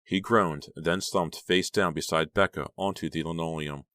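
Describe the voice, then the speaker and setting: A man's voice: low voice, fairly even intonation, normal speed, pushed and bright, no room sound, studio quality. A man narrating a horror novel as an audiobook, in a dramatic, suspenseful reading. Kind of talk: scripted narration.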